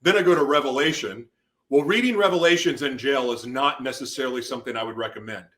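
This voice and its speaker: A man's voice: medium pitch, fast, fairly bright tone. A man in an interview telling an intense personal testimony, his voice rising into sudden emotional outbursts. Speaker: guest.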